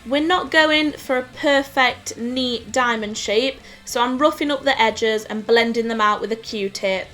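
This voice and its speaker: A woman with a Nottingham accent explaining makeup steps in a clear, scripted tutorial voice-over. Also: fairly high pitch, unhurried, few pauses, pushed and bright. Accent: English Midlands (Nottingham). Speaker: makeup artist host. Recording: voice-over with faint music.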